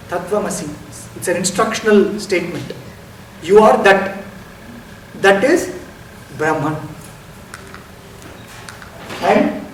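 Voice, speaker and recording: Man, high-pitched, meditation teacher, explains and asks rhetorical questions, miked from a distance. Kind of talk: spiritual lecture. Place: lecture hall. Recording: roomy hall, distant mic, faint noise.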